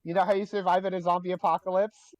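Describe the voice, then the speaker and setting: A man's voice: sits high, little pitch movement, fast talker, dry recording, muffled recording. A man chatting casually with friends while gaming, rambling through trivia and jokes. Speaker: gamer on a livestream.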